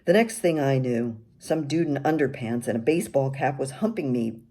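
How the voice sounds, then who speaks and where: Older woman reading her memoir, wry and candid; low, mellow voice. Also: expressive, moderate pace.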